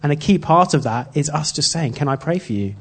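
A man giving an informal sermon built around a personal story, earnest and halting, with frequent restarts. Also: a little high, animated, a little hiss or hum. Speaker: church speaker.

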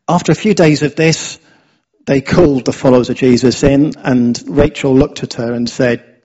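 A man's voice: mid-range voice, fairly even intonation, moderate pace, warm tone, breathy edge. An English man giving a chatty sermon, often asking his listeners "yeah?" as he tells stories. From England. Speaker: preacher. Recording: dull lo-fi sound.

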